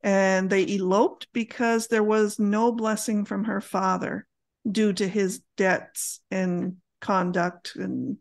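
A middle-aged woman co-hosting a family history podcast, talking in a relaxed, meandering way with many fillers. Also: mid-range voice, slow, creaky. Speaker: podcast co-host. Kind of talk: casual chat.

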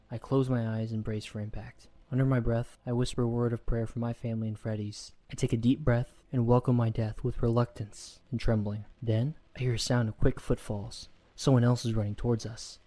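A man narrating a first-person horror story in a steady, measured way. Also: mid-range voice.

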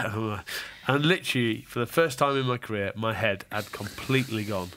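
Bright-voiced English man telling a story. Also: medium pitch, quick pace, few pauses. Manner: laughing anecdotes with acted quotes. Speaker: podcast co-host. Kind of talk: casual podcast chat.

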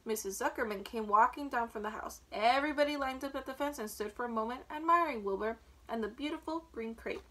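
A woman reading a children's book aloud in a clear, steady storytelling manner. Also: a little high, brisk. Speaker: storybook reader.

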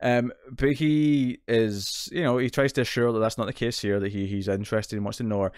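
A man's voice: mid-range voice, steady tone, fairly quick, darkish tone, clean tone, dry recording, clean studio sound. A British man co-hosting a TV recap podcast, retelling plot details in a rambling, casual way with many restarts. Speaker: podcast co-host.

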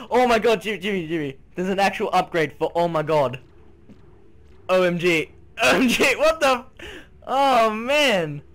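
A man giving loose let's play commentary over a horror game, swearing, yelping at scares and humming along while he plays. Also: on the high side. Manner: excitable, swearing, yelps and shouts at scares; sings and hums to himself while playing. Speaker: gaming video creator.

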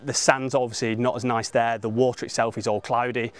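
A young man talks to camera about his travels, in a breezy, slangy, upbeat way. His voice sits at a middle pitch, and he is outdoors on location by the sea. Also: little pitch movement, brisk, clean tone. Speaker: travel vlogger. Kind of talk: casual travel vlog. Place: outdoors by a beach.

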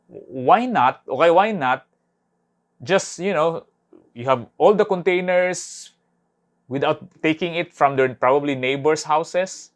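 A pastor with a voice on the high side gives an online sermon from a home or church online service. He preaches conversationally and tacks on tag questions like "no?"

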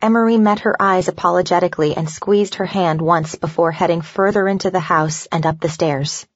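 A woman narrating an audiobook in an even, measured reading. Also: lowish voice, no echo, muffled recording. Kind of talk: scripted narration.

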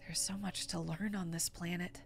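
A woman's voice: on the low side, level tone, normal speed, creaky, faint music behind, voice pushed down. A woman voicing a prim, studious young girl in a game read-aloud, speaking earnestly.

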